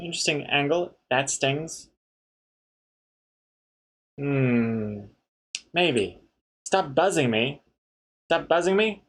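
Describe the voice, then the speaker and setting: A man's voice: on the high side, a bit bright. Chatty man streaming while drawing. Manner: chatty, reads chat aloud, laughs at jokes. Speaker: comic artist streamer. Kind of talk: casual live-stream chat.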